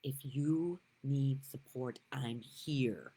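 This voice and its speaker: A middle-aged woman giving casual spiritual talk to her viewers, gushing and laughing often, sometimes dropping to a soft whisper. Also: very deep voice, extremely slow, slightly rough, low-quality recording. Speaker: spiritual vlogger.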